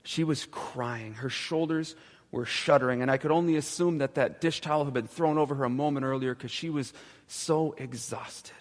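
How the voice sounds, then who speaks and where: A male pastor telling a story in a sermon, slowing down and dropping to a hushed voice at the key moments. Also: fairly high pitch, fairly even intonation. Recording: long church reverb.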